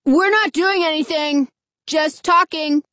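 A woman's voice: a little high, very animated, slow pace, darkish tone, dry recording, exaggerated voice. A rowdy boy with a sarcastic, snickering way of talking, as a woman reading aloud plays him. The delivery is dry and close to the mic. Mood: mocking.

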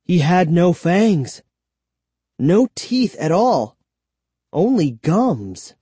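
Male audiobook narrator, slow and lively, mellow tone, dry close mic. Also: sits high, slightly rough, no echo. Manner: slow, expressive storytelling.

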